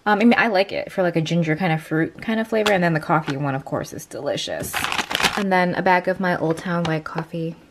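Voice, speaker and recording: A woman's voice: fairly low pitch, fairly quick. A woman talking to her viewers in a casual vlog, chatty and full of "like" and "um". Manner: chatty, many "like"s and "um"s. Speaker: beauty and lifestyle vlogger. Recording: noisy background.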